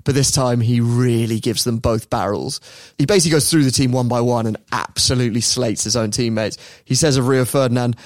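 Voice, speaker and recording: A man's voice: medium pitch, a little fast, hardly any pauses, no room sound, studio quality. Chatty man telling a story. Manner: chatty, laughs often, puts on voices for quotes. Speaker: podcast host. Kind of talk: casual storytelling chat.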